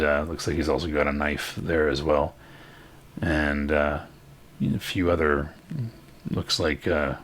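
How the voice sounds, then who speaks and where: A man narrating a tabletop game as game master, halting and full of fillers. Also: low-pitched, fairly bright tone.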